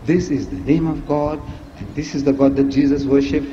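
A man lectures emphatically, firing rhetorical questions with a lively, teasing edge. His voice sits a little high. The old recording sounds dull and lo-fi, with a long echo from a large hall. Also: a little fast, a little hiss or hum. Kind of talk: public lecture played in a reaction video.

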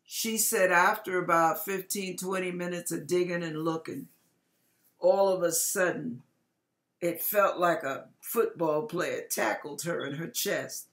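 An older woman preacher giving a dramatic testimony, swinging from loud outbursts to hushed lines in an emphatic, folksy way. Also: lowish voice, a little slow. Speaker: ministry preacher.

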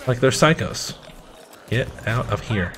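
A man playing a video game and commenting as he plays, swearing and shouting at the game, then rambling through a story. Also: medium pitch, unhurried, noisy background. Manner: profane, excitable outbursts at the game; chatty, rambling anecdotes. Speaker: gamer.

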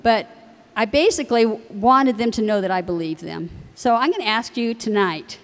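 A woman's voice: on the high side, moderate pace. A middle-aged woman, wife of a university president, telling family stories to parents with frequent laughs. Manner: warm anecdotal delivery with laughs. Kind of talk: storytelling speech to parents. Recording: long hall reverb.

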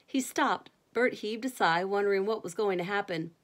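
A woman reading a children's chapter book aloud at bedtime, in a gentle, even manner. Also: medium pitch, moderate pace. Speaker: bedtime story reader.

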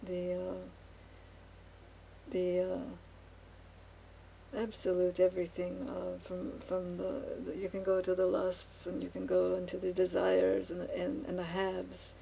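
A vlogger paints while talking to her camera, musing in a halting way with many fillers and restarts and a fairly flat tone. Her fairly low voice is dark and mellow with a gravelly edge, and a faint hiss underlies the rough recording.

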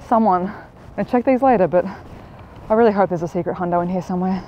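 A young woman, chatting excitedly to camera while walking outdoors in the desert. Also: mid-range voice, racing, lo-fi sound, slight background noise. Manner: chatty, excitable, self-mocking. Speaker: vlogger. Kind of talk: casual vlog chat. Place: outdoors in the desert at a live event.

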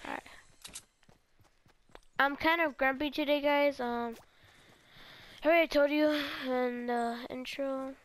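A woman's voice: high-pitched, fairly even intonation, slow, pauses often. A teenage girl giving casual, rambling gameplay commentary and talking straight to her viewers. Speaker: gaming video creator.

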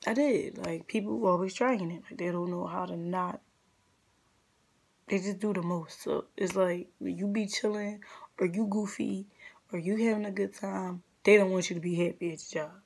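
Young woman, vlogger, casual rant, blunt and profane, slangy, exasperated, mid-pitched voice. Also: fairly even intonation, normal speed, gravelly, a little mellow, husky.

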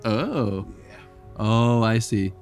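Man co-host of a game video, lively intonation, faint game music behind. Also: fairly low pitch, slow, creaky. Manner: joking and chatty, with laughs. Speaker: let's play co-host. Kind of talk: casual gameplay commentary.

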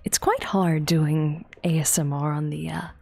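A woman streamer doing a whispered ASMR stream on a desktop mic, swearing and breaking into shrieks between soft whispers. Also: low voice, fairly even intonation, unhurried, creaky. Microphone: desktop USB mic.

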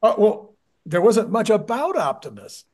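A male host in a casual interview chat, hoarse and getting raspier, talking in a chatty way with many restarts. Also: high-pitched, sing-song, measured pace, a little mellow. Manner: chatty, with frequent restarts and fillers.

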